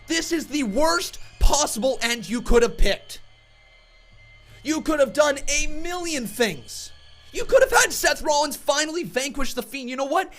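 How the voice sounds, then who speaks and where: A man ranting furiously on a live reaction stream, shouting, swearing and repeating words in angry bursts. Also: very high voice.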